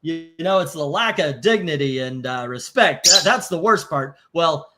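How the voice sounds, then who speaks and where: A man's voice: on the high side, lively intonation, normal speed, very noisy. Chatty man running a comic auction. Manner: rambling, swears casually, laughs while telling stories. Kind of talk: casual live-stream chat.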